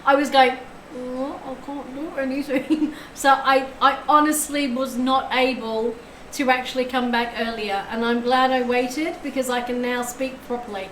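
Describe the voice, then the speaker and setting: A woman's voice: a little high, level tone, moderate pace, hardly any pauses, fairly bright tone, echoey room, slight background noise, poor audio. A woman streaming live tarot readings, chatting effusively and thanking her viewers as she goes.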